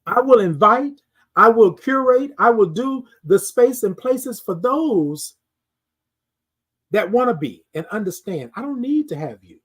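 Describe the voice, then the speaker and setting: A middle-aged man speaks in a slightly higher voice, preaching about self-worth on his morning live stream. He repeats his phrases like a sermon and stops to greet viewers in the chat. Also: lively intonation, a little slow, a bit bright, husky. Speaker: host of a morning live show. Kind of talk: motivational live-stream talk.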